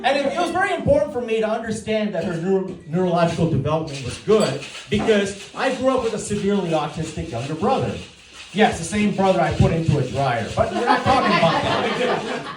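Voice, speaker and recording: With music underneath, a stand-up comedian in his forties tells dry stories about his family, acting out what others said. His high, sing-song voice moves a little fast, recorded from afar with roomy stage acoustics and live audience laughter.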